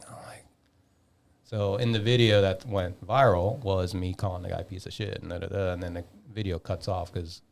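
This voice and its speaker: A man in his fifties telling a long story in a casual podcast chat, animated, swearing freely and acting out the dialogue. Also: low-pitched, gravelly. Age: 50s. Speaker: podcast guest.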